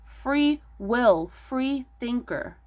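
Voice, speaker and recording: A woman delivering an impassioned spiritual monologue, preachy and emphatic, stumbling over restarts and pushing into near-yelling rhetorical questions. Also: fairly high pitch, animated, very slow. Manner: stammering restarts. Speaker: spiritual vlogger.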